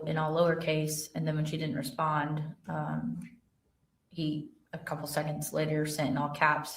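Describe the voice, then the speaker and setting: Testifying as an investigator, a woman with a very low voice reads text messages aloud plainly and steadily, pausing on fillers. The audio captures her from far off in a roomy, echoing courtroom.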